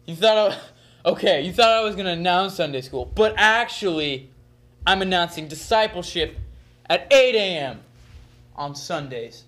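A teenage boy hosts a church youth news bulletin in a goofy, joking way. He teases his co-hosts with deadpan put-downs between announcements. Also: sits high, moderate pace. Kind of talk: jokey announcements.

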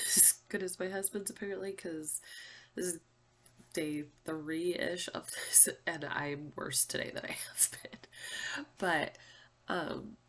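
A woman's voice: on the low side, creaky. A stuffy, congested young woman hosting a casual vlog update, chatty and apologetic with many fillers. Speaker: channel host.

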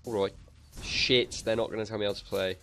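A man's voice: on the low side, steady tone, brisk, gravelly, fairly bright tone, soft background music. A young man giving casual let's-play commentary, swearing freely and muttering to himself as he plays. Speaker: gaming channel host.

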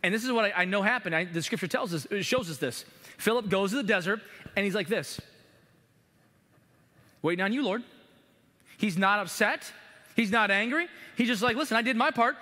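Middle-aged pastor guy preaching, bright high voice, acts out little prayers, big churchy reverb. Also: fairly quick. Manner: animated preaching with acted prayers to God. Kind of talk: sermon. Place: church sanctuary. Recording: long hall reverb in a church.

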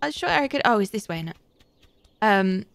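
A woman's voice: mid-range voice, lively intonation, brisk, vocal fry, no echo. A young woman chats through a live game stream, laughing often and thanking her viewers by name. Her voice sits mid-range for a woman. The sound is close and dry, with no room around it. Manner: giggly and chatty, thanking viewers. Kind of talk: live gameplay commentary.

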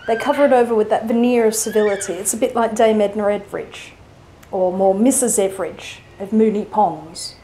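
A woman's voice: a little high, dark tone, slight background noise, poor audio. A woman from Australia with an educated New South Wales accent, giving a casual talk on literature as a writing teacher, chatty, with many fillers and restarts.

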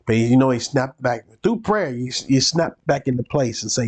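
A man's voice: medium pitch, expressive, moderate pace, breathy edge. A male pastor teaching a Bible study, preacherly and repeating phrases for emphasis.

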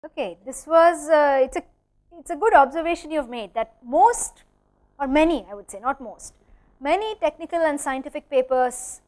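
A woman with an Indian English accent, a workshop lecturer answering remote questions in a measured, explanatory way. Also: sits high. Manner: explanatory, measured, animated emphasis. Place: studio.

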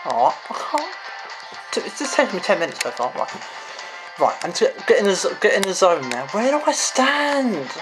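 Frustrated gamer, lively voice. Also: male voice, sits high, moderate pace, rough recording. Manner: frustrated, swearing, exclaiming. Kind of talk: gameplay commentary. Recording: game music behind the voice.

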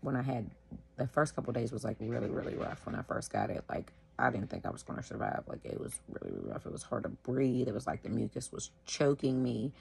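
A sick woman at home, wheezing and short of breath, talking casually to the camera in a tired, slow way. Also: very deep voice, wildly swooping pitch, gravelly, darkish tone, a little hiss or hum. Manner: tired, slow, filler-heavy. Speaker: vlogger sharing her illness.

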